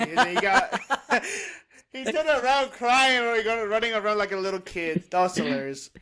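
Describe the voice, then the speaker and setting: A man's voice: sits high, moderate pace, pushed and bright. A man co-hosting a podcast in casual chat, amused and enthusiastic as he recaps a show. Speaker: podcast co-host.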